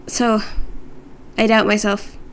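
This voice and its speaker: Rambling, playful woman streamer with vocal fry. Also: mid-range voice, flat delivery, takes it slowly, a bit bright. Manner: rambling, playful, self-deprecating. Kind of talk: casual chat with viewers. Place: her own room.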